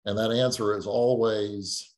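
A man's voice: on the low side, level tone, measured pace, darkish tone. A middle-aged man teaching a writing class online in a conversational way, thinking aloud with fillers and restarts. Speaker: writing instructor. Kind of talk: online lecture.

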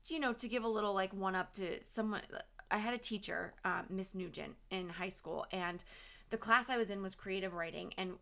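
Gravelly, bright-voiced chatty woman co-host. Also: mid-range voice, normal speed. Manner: chatty, full of "like" fillers. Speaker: podcast co-host. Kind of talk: casual chat.

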